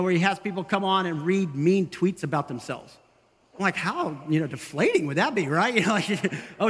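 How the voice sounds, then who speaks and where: A man delivers a sermon, his voice sitting high. He talks in an animated way and slips into the voices of the people he quotes. A long reverb from the hall trails each phrase. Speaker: pastor.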